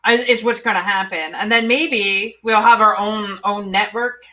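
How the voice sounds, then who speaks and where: A woman's voice: medium pitch, steady tone, moderate pace, few pauses, sharp tone. A woman podcast co-host in casual chat, upbeat and encouraging.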